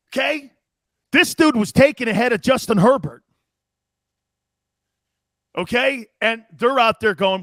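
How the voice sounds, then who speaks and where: Brash, animated male sports-talk commentator with a high voice; punchy, rhetorical delivery. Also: measured pace, pauses often, no room sound, clean studio sound. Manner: animated, emphatic, rhetorical questions.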